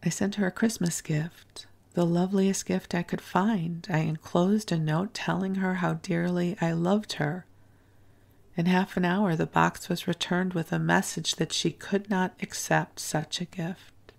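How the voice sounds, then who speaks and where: A woman reading the lines of an earnest, naive male diplomat in love, in a gentle, soft-spoken way. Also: lowish voice, fairly even intonation, unhurried, gravelly. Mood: dismayed.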